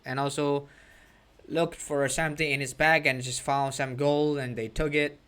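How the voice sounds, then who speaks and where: Bright-voiced teacher man. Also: on the high side, flat delivery, moderate pace, clear, resonant tone. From Myanmar. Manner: checks in with "right?", paraphrases. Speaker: English teacher. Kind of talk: explaining a story to students.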